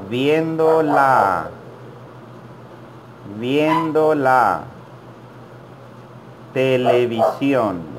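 A man teaching a language lesson, repeating words slowly and patiently for learners to copy. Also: medium pitch, background noise. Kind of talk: slow, deliberate language lesson.

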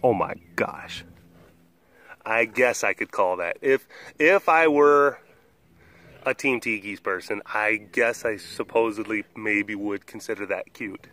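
A man's voice: fairly low pitch, takes it slowly, pushed and bright. A man keeping big cats at an animal facility, chatting casually and cooing at them in gushing baby talk. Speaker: big cat keeper and video host. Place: outdoors at a wild animal facility.

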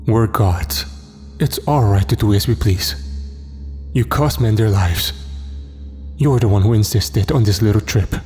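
A man voicing a cold, arrogant young male god who speaks in a calm, taunting way in a horror story. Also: lowish voice, a little slow, long pauses, soft background music, natural voice.

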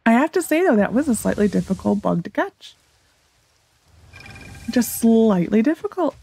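A woman hosting a let's play, chatting casually and thinking aloud as she corrects herself, recorded on a desk microphone set a little loud. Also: on the high side, animated, slow, creaky, pauses often, slightly rough. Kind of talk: casual gameplay commentary.

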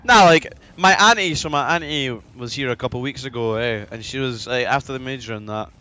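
A young Scottish man chatting on a live gaming stream, excitable and swearing freely, often breaking into laughter. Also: mid-range voice, a little fast, smooth. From Scotland. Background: faint music.

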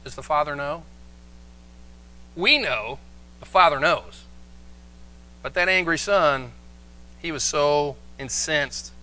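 A man preaching a sermon as pastor, animated and acting out the voices he quotes. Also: on the high side, slow pace, long pauses. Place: church, live stream.

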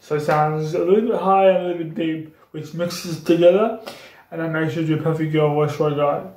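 A man's voice: on the high side, fairly even intonation, a little fast, a little mellow. A young man chatting casually in a vlog, explaining voice impressions in a rambling, repetitive way. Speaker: YouTuber doing voice impressions. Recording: echoey room.

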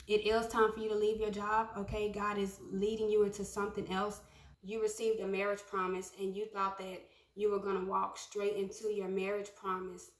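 A woman's voice: mid-range voice, reverberant. A young woman giving a casual prophetic message to her followers, talking conversationally with many ums and repeated phrases. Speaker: prophetic speaker.

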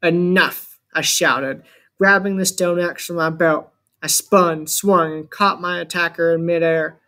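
A man reading a first-person adventure story aloud as an audiobook narrator, with measured, dramatic storytelling. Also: fairly high pitch, fairly even intonation, sharp tone.

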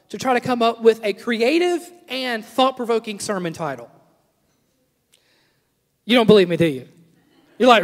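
A man's voice: very high voice, animated, moderate pace, long pauses, a bit bright. A man in his thirties, a pastor preaching a sermon, telling humorous stories with asides to the congregation. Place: church sanctuary. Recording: long church hall reverb.

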